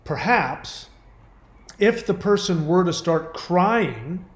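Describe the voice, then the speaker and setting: A man speaking in a fairly high voice, blunt and emphatic. He mixes pointed commentary with personal stories. The sound has a roomy echo around it. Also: expressive, slow pace. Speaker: host. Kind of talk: commentary on a viewer's message.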